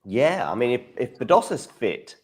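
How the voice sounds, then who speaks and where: A man's voice: medium pitch, sing-song, normal speed, husky. A man co-hosting a casual chat, reading out names and reacting briefly. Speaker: co-host.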